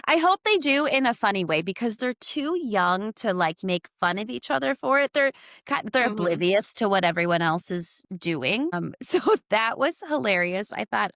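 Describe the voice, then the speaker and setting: A woman, a kindergarten teacher and podcast co-host, chatting casually and telling animated stories with quoted lines and frequent laughs. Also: medium pitch, normal speed, no echo, studio quality. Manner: animated storytelling, acts out quotes. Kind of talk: casual chat.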